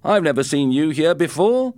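Story role: man putting on a brash teen bully, loud, sneering, swooping pitch. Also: sing-song, normal speed, no room sound. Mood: mocking. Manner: loud, mocking, raised voice. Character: tough sarcastic teenage boy gang leader.

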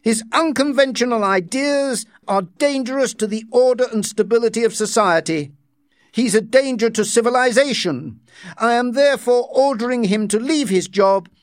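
A man's voice: very high voice, expressive, normal speed, no room sound, studio quality, pitched above the performer's own voice. A man reading aloud voices a stern official who makes formal, accusing announcements in a raised voice. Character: stern male official, cold and commanding.

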